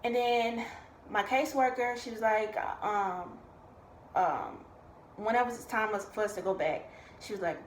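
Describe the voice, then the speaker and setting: A woman's voice: mid-range voice, unhurried. A young woman, casually telling a personal story in a vlog and acting out what others said. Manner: animated, acts out quoted voices. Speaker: vlogger. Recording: echoey room, faint background noise.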